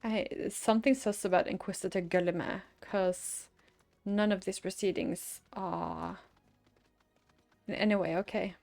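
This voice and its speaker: A woman's voice: mid-range voice, steady tone, unhurried, gravelly, a little mellow, faint music behind. A woman streamer casually commenting on her gameplay, chatty and reacting aloud, laughing at herself. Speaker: let's play streamer.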